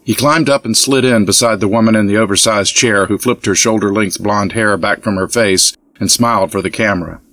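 Reading scripted audiobook narration, a man keeps a steady, measured storytelling pace. His pitch is fairly low, and the recording has no echo.

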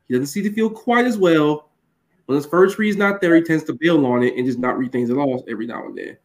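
A man's voice: on the high side, a little fast. A male host breaking down a football matchup, laying out his point step by step in casual sports talk.

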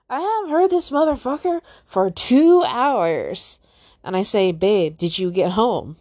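A woman's voice: medium pitch, darkish tone, dry recording. A woman hosting a solo podcast, upset and near tears, sighing and swearing as she reads out text messages. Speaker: podcast host.

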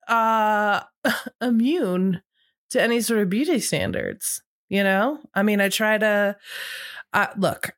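A woman's voice: mid-range voice, animated, takes it slowly, a bit bright, no echo, clean studio sound. A woman co-hosting a podcast in casual chat, chatty and giggly, laughing often. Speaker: podcast co-host.

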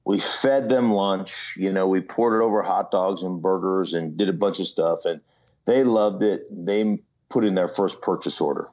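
A man, a guest in an interview, telling an animated story with frequent "right?" asides and mimicked voices. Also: low-pitched, moderate pace. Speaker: guest, former football player and entrepreneur. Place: remote from home city. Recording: slightly muffled lo-fi audio.

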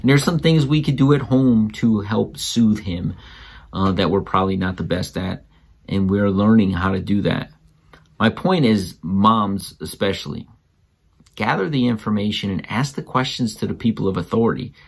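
A man's voice: moderate pace, gravelly, breathy edge. A father casually telling a story about his child and giving other parents emphatic advice, his voice jumping up when he quotes people. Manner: animated, jumps up in pitch when quoting others.

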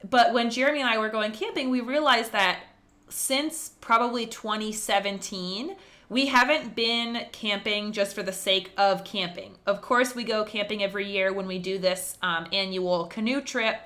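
Bright-voiced woman podcast co-host. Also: medium pitch. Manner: animated, laughs often, rambling storytelling. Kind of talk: casual chat between sisters.

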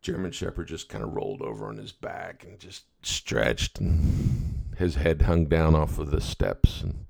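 A man's voice: a bass voice, lively intonation, a little slow, gravelly, a little mellow. A middle-aged man hosting a podcast, telling a story in a folksy, rambling way full of asides. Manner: folksy, rambling, with many "you know" asides. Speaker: podcast host. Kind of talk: casual storytelling monologue.

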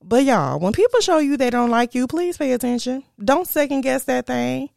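A young woman hosting a podcast, telling a personal story in a chatty, animated way and talking straight to her listeners. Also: high-pitched, moderate pace, vocal fry, dry recording, clean studio sound. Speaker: podcast host. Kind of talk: casual storytelling.

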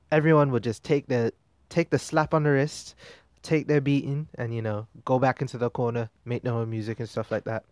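A man's voice: mid-range voice, dry recording, clean studio sound. A man hosting a music commentary show, talking casually and rambling with fillers and restarts. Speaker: podcast host.

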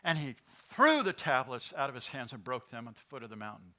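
A pastor preaches a sermon in a mid-range voice, speaking a little fast. He's animated and keeps posing questions to the congregation.

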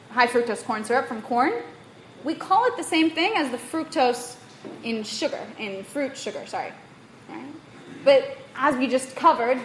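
Woman presenter, slight foreign accent, high voice, engaging lecture style, echoey room recording. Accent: non-native accent. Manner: animated, quizzes the audience, frequent "right?". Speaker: workshop presenter. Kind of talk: lively lecture to a live audience. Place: room in Bali. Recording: echoey room, faint room noise.

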